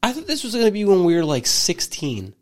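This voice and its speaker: A man's voice: sits high, wildly swooping pitch, brisk. A man co-hosting a casual podcast, reacting with exclamations and swearing in disbelief. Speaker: podcast co-host.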